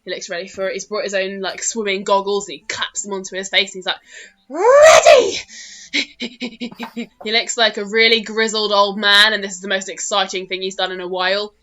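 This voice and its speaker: A British woman narrating a tabletop game as game master, telling the scene in a lively way and shouting small character lines in a high voice. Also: quick pace, hardly any pauses, dull audio.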